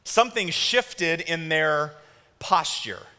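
A man in his thirties preaching a sermon to a congregation, telling stories with lively energy and shouted impressions. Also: fairly high pitch, slow pace, clean tone. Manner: animated storytelling with shouted kid impressions. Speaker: pastor. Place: church auditorium. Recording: long reverb of a large hall.

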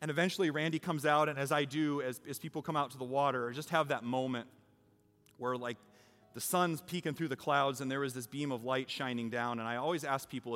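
A man's voice: mid-range voice, fairly even intonation, brisk, fairly bright tone. A man preaching a sermon, telling a story in a conversational way and building to an exhortation to his congregation. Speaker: pastor. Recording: reverberant hall with faint music.

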